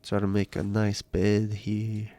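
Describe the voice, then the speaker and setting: A man's voice: on the low side, slow pace. A man streaming a survival game live, chatting casually with viewers while he plays, his voice nasal and stuffy from a cold. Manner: relaxed, chatty, reads chat aloud.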